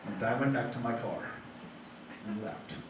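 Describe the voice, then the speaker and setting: At a bar comedy night, a young man performs a rambling, self-deprecating stand-up set, restarting lines and making asides to the crowd. His medium-pitched voice is steady at a moderate pace, picked up by a distant mic in a very echoey room with faint noise.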